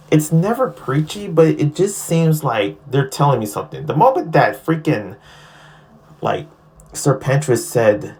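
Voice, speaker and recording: A man reviewing a show in casual podcast talk, chatty and excitable, who often breaks into playful impressions. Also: medium pitch.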